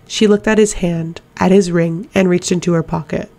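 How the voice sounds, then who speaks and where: A woman narrating an audiobook in a steady, measured way. Her voice is fairly low and carries a gravelly fry. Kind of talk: scripted narration.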